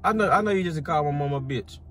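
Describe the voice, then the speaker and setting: A man's voice: fairly high pitch, very fast, faint music behind. A young man, talking casually in a car, repeating himself as he scolds. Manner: repeats himself, calm-down pleading then scolding. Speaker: prank target, boyfriend. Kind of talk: casual chat.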